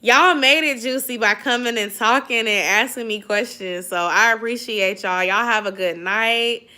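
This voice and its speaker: Bright-voiced sleepy woman livestreaming. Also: fairly high pitch, normal speed. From Atlanta area, US. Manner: chatty, sisterly advice, drawling slang. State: sleepy, yawning. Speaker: YouTube livestream host. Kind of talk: casual livestream chat reading viewer comments.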